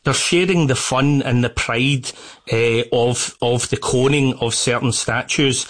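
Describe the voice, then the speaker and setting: A man's voice: mid-range voice, steady tone, unhurried, fairly bright tone. Enthusiastic Scottish man in his fifties. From Scotland. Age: 50s. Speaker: artist guest. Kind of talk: live radio interview.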